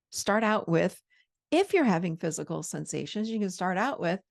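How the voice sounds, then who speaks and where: A woman in her fifties giving a conversational coaching talk on handling triggers, slowing down to model calm self-talk. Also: mid-range voice, vocal fry. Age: 50s. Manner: conversational, with quoted inner dialogue. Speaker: host.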